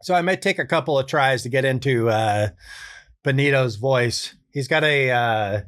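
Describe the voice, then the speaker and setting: A man recording his own character voices and calmly explaining his process, relaxed, thinking aloud and amused at himself. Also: mid-range voice, moderate pace. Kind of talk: casual behind-the-scenes explanation.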